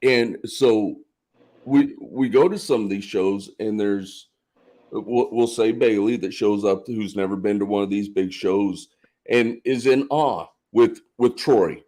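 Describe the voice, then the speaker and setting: A podcast co-host with a lowish, warm voice talks a little slowly in a casual, chatty and agreeable way. He says "yeah" a lot and often repeats himself.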